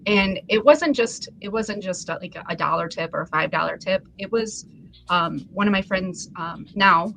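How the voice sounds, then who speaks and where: A woman's voice: mid-range voice, moderate pace, creaky, a bit bright, a little hiss or hum. A woman guest on a reseller podcast, telling a heartfelt story in an earnest, emotional way. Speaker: podcast guest, live seller. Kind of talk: casual chat.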